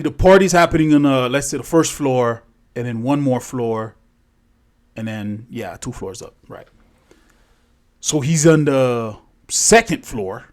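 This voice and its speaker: Rambling, profane male storyteller. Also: mid-range voice. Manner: profane, rambling, self-correcting. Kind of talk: casual spoken storytelling.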